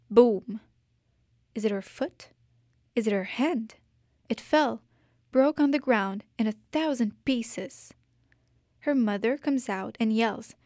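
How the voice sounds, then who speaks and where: A woman reading a children's storybook aloud in a gentle, measured, expressive manner. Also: a little high, no echo, studio quality.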